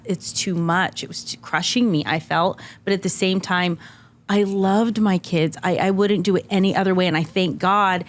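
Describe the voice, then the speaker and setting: A middle-aged woman telling a personal story on a podcast, earnest and emotional, often saying "like". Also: lowish voice. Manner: earnest and emotional, heavy use of "like". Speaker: podcast guest. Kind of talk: candid conversational storytelling.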